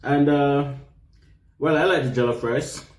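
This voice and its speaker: A man's voice: a little high, fairly even intonation, measured pace, a little mellow, roomy sound. A young man with a Jamaican accent, chatting casually and laughing while he tastes food on camera. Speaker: vlogger. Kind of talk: casual food-tasting chat.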